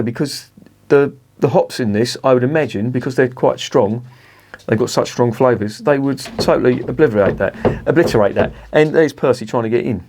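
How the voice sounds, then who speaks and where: A man's voice: mid-range voice, a little fast, a little mellow. A man reviewing a beer in a casual vlog, blunt and grumbling, swearing freely.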